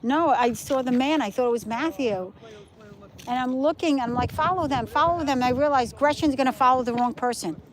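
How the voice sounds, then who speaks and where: A middle-aged woman with a high voice chats casually with livestream viewers at normal speed, holding her phone as she walks her dog by the ocean at night. The recording quality is low, and she keeps pointing things out to her audience.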